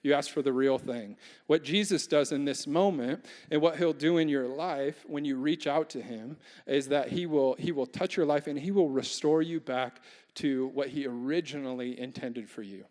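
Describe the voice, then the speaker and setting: A man's voice: mid-range voice, moderate pace, darkish tone. A young adult man preaching a casual, humorous sermon as a pastor, often asking the congregation questions. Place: large church hall. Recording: long church reverb.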